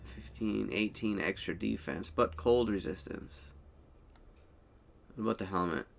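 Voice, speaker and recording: A man's voice: on the low side, a little slow, creaky, slight background noise. A man giving casual gameplay commentary, rambling and thinking aloud as he plays. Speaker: gameplay streamer.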